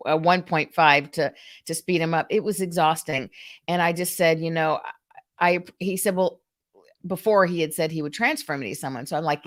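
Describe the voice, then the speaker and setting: Exasperated woman host telling a story. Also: fairly low pitch. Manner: exasperated, animated retelling. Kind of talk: casual storytelling on a live stream.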